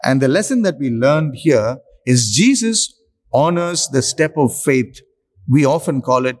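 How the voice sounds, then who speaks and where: A male preacher delivering a sermon in a slightly raised voice. He speaks slowly and emphatically, breaking his lines into short phrases with pauses between them. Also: a little high, darkish tone.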